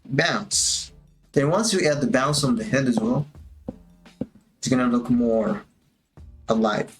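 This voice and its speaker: Guy thinking out loud while he animates on stream, slow and drifty, faint music underneath. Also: medium pitch. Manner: musing aloud, drifting, self-amused. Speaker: animator streaming his work. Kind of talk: casual think-aloud screen walkthrough.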